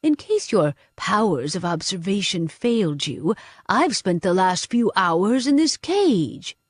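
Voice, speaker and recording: A woman's voice: medium pitch, animated, measured pace, no echo. Woman doing a wry, cold male captive. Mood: sardonic. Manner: dry and sardonic.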